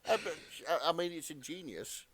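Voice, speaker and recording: A man in his thirties cracks wry, deadpan jokes in a casual chat. His pitch moves up and down a lot as he speaks. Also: normal speed, dry recording. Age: 30s. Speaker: podcast co-host.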